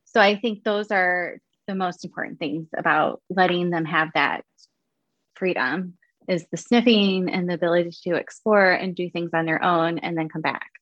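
This muffled recording, with no room sound, captures a woman guest in a casual interview talking about her dogs. Her voice is on the low side yet fairly bright, her pace moderate, and she's chatty, laughing often and using many fillers.

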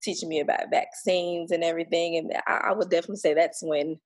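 A woman's voice: on the low side, fairly even intonation, quick pace. A woman guest telling her story in a casual, blunt and emphatic way, swearing now and then and acting out what others said to her. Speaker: podcast guest sharing her birth story.

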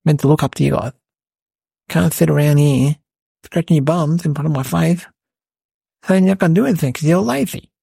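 A man playing a cheeky, indignant eight-year-old boy, telling a rambling comic story in a gravelly voice. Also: fairly high pitch, fairly quick, long pauses, mellow, no room sound, exaggerated voice. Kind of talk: comic character monologue.

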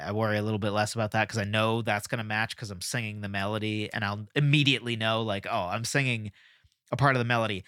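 A man's voice: fairly low pitch, a bit bright, no echo, clean studio sound. A male podcast host explaining ideas in a casual monologue, thinking aloud with restarts and checking in with "right?".

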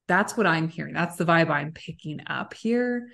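A woman hosting a podcast who reflects back what her guest says and asks open questions in a relaxed way, with the odd swear word. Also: deep voice, normal speed, gravelly. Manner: reflective, sums up the guest's points, swears casually. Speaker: podcast host. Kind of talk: casual interview conversation.

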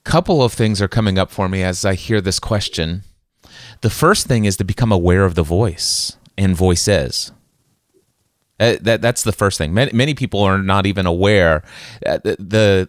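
A man's voice: sits low, moderate pace, no room sound, studio quality. Earnest man giving self-help advice. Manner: earnest, repeats words and acts out his inner voice. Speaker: guest. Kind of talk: reflective self-help talk.

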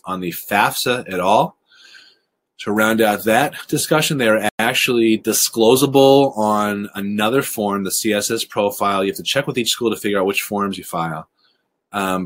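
Fast-talking low-voiced man presenting. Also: fairly bright tone. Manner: fast-talking, brisk and explanatory. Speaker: webinar presenter on college financial aid. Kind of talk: recorded webinar presentation.

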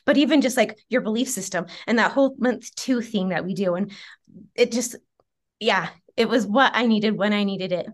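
A woman's voice: medium pitch, normal speed. A woman in her thirties, a guest in a casual interview, talking earnestly with frequent laughs and trailing restarts. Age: 30s.

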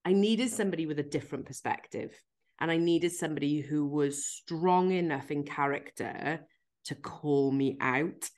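A woman with a low voice hosts a candid podcast chat. She talks frankly and with feeling, pokes fun at herself and swears now and then. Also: moderate pace, a little mellow. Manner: frank, emphatic, self-deprecating, swears casually; recounts a tearful therapy session. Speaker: podcast host.

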